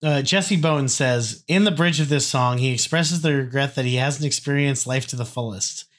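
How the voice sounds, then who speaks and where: A man's voice: mid-range voice, moderate pace, fairly bright tone. A man co-hosting a casual podcast, reading song annotations aloud in a mocking, sarcastic way. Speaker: podcast co-host.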